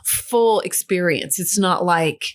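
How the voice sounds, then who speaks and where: A woman hosting a podcast, talking in a thoughtful, gently empathetic way in reflective casual conversation. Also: lowish voice, slow pace. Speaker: podcast host.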